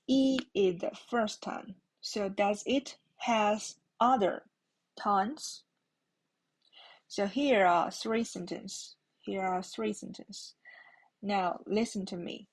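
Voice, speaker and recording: A woman's voice: medium pitch, slow, long pauses, darkish tone, husky, rough recording. A woman with a Chinese accent teaching a language lesson, patiently repeating words for learners. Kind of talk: slow classroom lesson.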